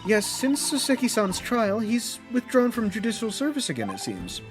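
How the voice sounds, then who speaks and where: A man voicing a polite, composed young female assistant who speaks in a measured, formal way. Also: sits high, huge pitch swings, music in the background, voice pushed up. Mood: calm.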